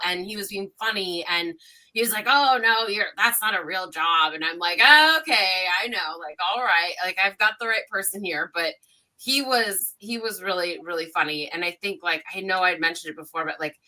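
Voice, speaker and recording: A woman psychic medium telling stories casually on a livestream panel, acting out dialogue in a rising voice. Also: lowish voice. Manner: animated, acts out dialogue with rising voice.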